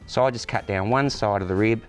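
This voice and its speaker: A man's voice: on the low side, fairly quick, soft background music. A man, a butcher, explaining outdoors step by step how to prepare a cut of meat. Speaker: butcher guest. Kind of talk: cooking demonstration. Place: outdoors in the sun.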